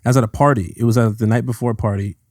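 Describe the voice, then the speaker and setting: Animated self-mocking male storyteller. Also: medium pitch, racing, dry recording. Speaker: guest actor. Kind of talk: casual podcast chat.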